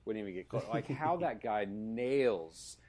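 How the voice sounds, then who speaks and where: A podcast host talks in a casual, enthusiastic way, rambling as he retells scenes. His voice is on the low side, expressive and darkish, with a slightly slow delivery.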